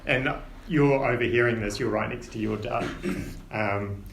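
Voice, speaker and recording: A man running a tabletop game in an unhurried way, with many ums. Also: medium pitch, vocal fry, echoey room, a little hiss or hum. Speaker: game master.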